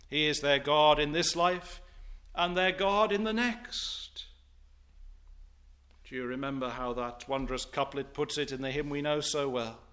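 Bright-voiced male preacher, rhetorical. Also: medium pitch. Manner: expository, rhetorical questions, old-fashioned phrasing. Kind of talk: sermon.

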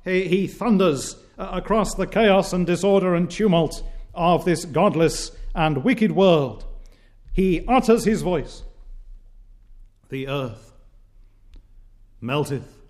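A man preaching a sermon in a measured, declamatory way, with frequent "uh" pauses between phrases. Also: high-pitched, a little mellow.

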